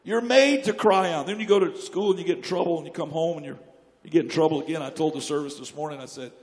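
A man preaching a sermon, telling jokes and stories and breaking into sudden loud outbursts. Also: a little high, fast talker. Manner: joking, animated storytelling with sudden loud outbursts. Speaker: pastor. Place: church sanctuary. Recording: long church hall reverb.

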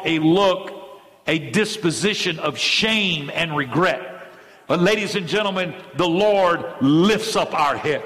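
A middle-aged male pastor preaching a sermon with fervent energy, speeding up and slowing down as he drives points home. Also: a little high, fairly bright tone. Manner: fervent preaching with sudden swings in pace. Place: church sanctuary. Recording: church hall reverb.

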